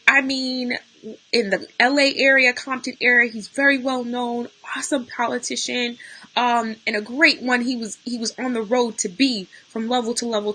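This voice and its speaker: A young woman talks to her viewers live, unscripted and close to tears. Her voice sits a little high and sounds bright and forward, and it is getting worn and hoarse. She breaks off now and then to greet the people watching. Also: low-quality recording. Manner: tearful, talking through grief, greets viewers mid-sentence. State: losing her voice, near tears. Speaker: livestream host. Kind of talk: unscripted emotional live talk.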